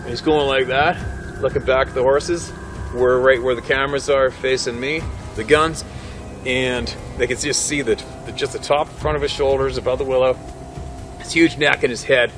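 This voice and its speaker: A man's voice: medium pitch, steady tone, normal speed. A middle-aged man, a hunting guide, telling a story vividly and laughing between lines. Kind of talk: animated storytelling. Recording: music playing under the voice.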